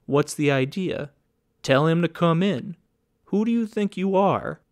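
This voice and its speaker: Male reader doing a wary young counterman, guarded, questioning, a bit high. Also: animated, unhurried, dry recording.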